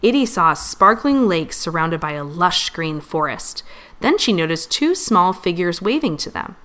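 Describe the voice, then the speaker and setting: A woman reading a children's storybook aloud in an expressive, animated way. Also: on the low side, normal speed.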